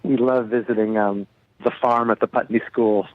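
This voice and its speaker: A man's voice: medium pitch, steady tone, normal speed. A man talking as a guest musician in a casual radio interview, chatty and joking, heard over a phone line.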